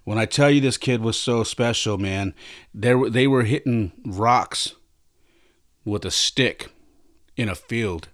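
Deep-voiced man telling a story. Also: slow, no echo, studio quality. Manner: emphatic, conversational, with restarts. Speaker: podcast host. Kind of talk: casual storytelling.

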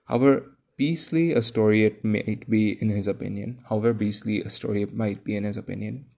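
A man reading a classic children's novel aloud, calm and measured with wry asides. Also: on the low side, vocal fry. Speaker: audiobook reader. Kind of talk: scripted narration.

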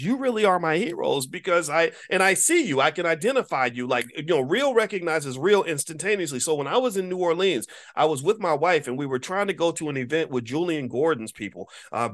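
A man's voice: fairly high pitch, fairly bright tone. Emphatic preachy man talking to viewers. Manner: emphatic, preachy, with casual profanity; repeats words when restarting a thought. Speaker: online commentator. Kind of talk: casual monologue to viewers.

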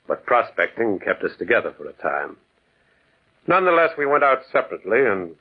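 A man's voice: fairly low pitch, husky. A man in an old radio drama playing a lonely, brooding man who narrates his memories in a wistful, mournful way. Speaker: narrator and lead character. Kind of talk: 1940s radio acting. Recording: tinny old radio broadcast.

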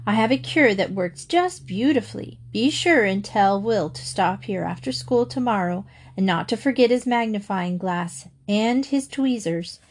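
A woman reading aloud and voicing a cheerful, kindly older woman in a storybook, in a bright and reassuring way. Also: on the high side. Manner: bright, gently amused, reassuring.

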